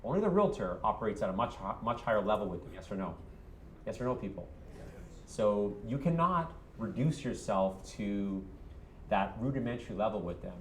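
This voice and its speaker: A man's voice: fairly low pitch, expressive, normal speed, reverberant, a little hiss or hum. A man coaching a room of real estate agents, punchy and quizzing them with "yes or no?".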